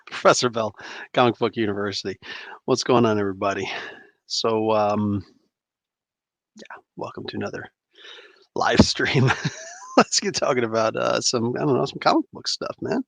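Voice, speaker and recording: A man's voice: medium pitch, expressive, moderate pace, gravelly, pauses often, dry recording. A man hosting a comic book livestream, chatting casually, rambling and laughing often as he reads viewer comments aloud. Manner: rambling and chuckly, frequent laughs and fillers.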